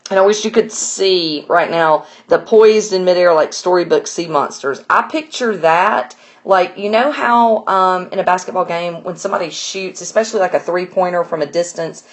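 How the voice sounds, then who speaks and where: A woman's voice: on the low side, moderate pace. A woman teaching a poem in a casual, chatty lesson, talking it through with many fillers and restarts.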